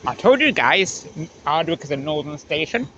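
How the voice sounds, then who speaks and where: A man filming trains from the trackside, chatting excitedly as they pass and swinging between mumbled asides and excited squeals. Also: on the high side, moderate pace, muffled recording, a little hiss or hum. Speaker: trainspotting vlogger. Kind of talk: excited live commentary. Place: outdoors beside a railway line.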